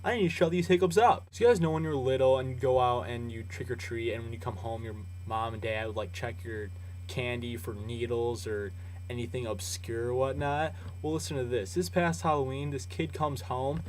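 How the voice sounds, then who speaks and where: Young dude doing news on his vlog, jokey and all over the place loudness-wise, mid voice, faint hum behind. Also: fairly even intonation, normal speed, low-quality recording. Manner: chatty, jokey, swings from loud rants to low asides.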